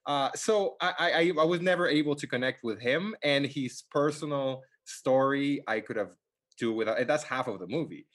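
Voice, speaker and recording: A man co-hosting a casual film chat, talking haltingly with restarts and sighs, swearing now and then. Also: medium pitch, fairly bright tone. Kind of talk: casual movie review chat.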